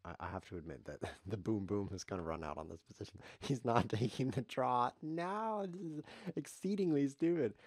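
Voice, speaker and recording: A man's voice: fairly low pitch, lively intonation, normal speed, few pauses, dry recording, clean studio sound. A man commenting live on his own chess game as a streamer, sarcastic, self-mocking and grumbling.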